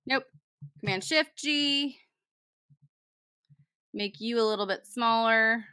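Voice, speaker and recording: A young woman hosting a casual software tutorial, chatting to herself as she works and poking fun at her own choices. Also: fairly high pitch, takes it slowly, smooth, no room sound, studio quality. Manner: chatty, talks to herself while working, self-deprecating. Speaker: tutorial host.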